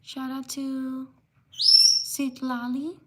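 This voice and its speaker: A woman hosting a livestream, slowly reading out shout-outs to viewers one after another and quickly apologizing for mispronouncing names. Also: high-pitched, heavy background noise. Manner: slow, steady listing of names with quick apologies. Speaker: livestream host. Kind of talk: live stream shout-outs.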